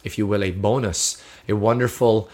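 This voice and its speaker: A man's voice: fairly low pitch, steady tone, moderate pace, darkish tone. A man preaching a sermon, sharing a personal testimony in an earnest, heartfelt way with frequent restarts.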